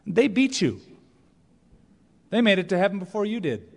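A man preaching a sermon as pastor, animated, with playful asides and mock voices. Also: high-pitched, moderate pace, gravelly. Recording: long church reverb.

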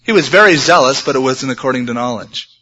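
A male pastor preaching a sermon in a conversational way that sometimes turns animated. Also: mid-range voice, quick pace, slightly rough. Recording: dull lo-fi sermon recording.

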